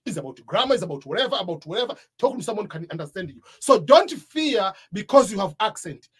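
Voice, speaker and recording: Emphatic East African man, husky voice. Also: sits high, big pitch swings, quick pace, fairly bright tone. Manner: emphatic, repeats key points. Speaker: YouTube coach. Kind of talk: motivational talk to camera.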